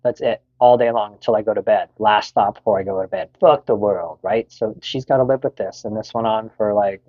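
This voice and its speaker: A man's voice: fairly low pitch, fairly even intonation, a little fast, no room sound, muffled recording. A middle-aged Canadian man candidly telling a personal story, frank and swearing freely, with many fillers.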